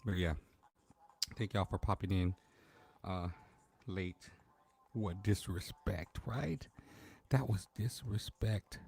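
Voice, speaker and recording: A man's voice: low-pitched, takes it slowly, creaky, pauses often, a little mellow, a little hiss or hum. A man hosting a casual late-night livestream from home, chatting in a laid-back way and greeting viewers by name. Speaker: livestream host.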